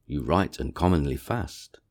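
A man reading a gushing society lady, very deep. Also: unhurried, a little mellow, full character voice. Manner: gushing, eager to please. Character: fawning flattering young society woman.

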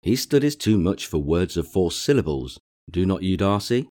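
A man reading the part of a good-natured, easygoing young gentleman who speaks genially. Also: low voice, big pitch swings, moderate pace. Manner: genial, protesting lightly.

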